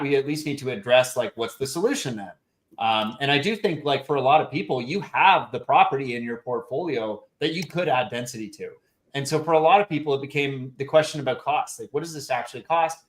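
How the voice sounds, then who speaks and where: A man hosting a round table discussion on a video call, ranting bluntly and swearing freely. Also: mid-range voice. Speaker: show host and real estate investor.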